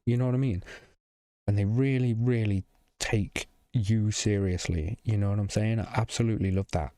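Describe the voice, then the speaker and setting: A man's voice: fairly low pitch, fairly even intonation, normal speed, mellow, dry recording, studio quality. A young man telling a rambling story to camera in casual vlog style, swearing freely and full of fillers and restarts. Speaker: vlogger.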